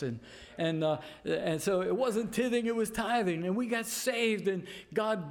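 An older man from New York tells a personal story in a casual, animated way, acting out the voices of the people in it. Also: high voice. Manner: animated, repeats "I said" and acts out voices in his story. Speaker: storyteller giving a testimony.

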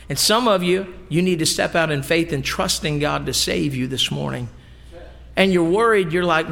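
A man preaches in a folksy, emphatic way, spinning homey asides about his wife's cooking into the message. His voice sits fairly high and carries a gravelly fry. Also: normal speed, a bit bright, big-room sound. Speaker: pastor. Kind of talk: sermon. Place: church sanctuary.

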